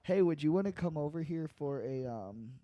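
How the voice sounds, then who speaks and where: A man's voice: fairly high pitch, animated, moderate pace, no room sound, highs cut off. A man hosting a podcast, joking and crude in a rambling casual chat. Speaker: podcast host.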